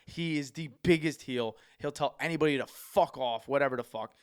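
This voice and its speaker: A man's voice: medium pitch, brisk, clear, resonant tone, no echo, clean studio sound. An American man hosting a podcast, telling a long travel story in casual chat, swearing often and rambling. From United States. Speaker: podcast host.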